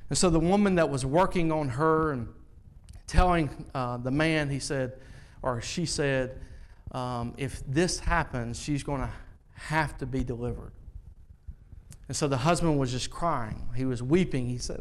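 A man preaching a sermon, slow and earnest, rising loud and high at its peaks. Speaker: pastor.

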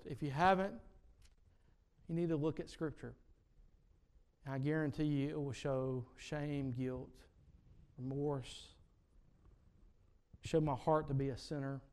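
A man preaching a sermon, retelling stories and building to repeated emphatic lines, his loudness rising and falling. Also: medium pitch.

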